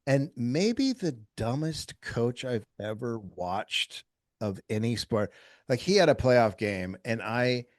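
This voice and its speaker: A man who is a comedian guest, telling a story in casual podcast chat, animated and profane, acting out quotes. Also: mid-range voice, slow, no echo, studio quality.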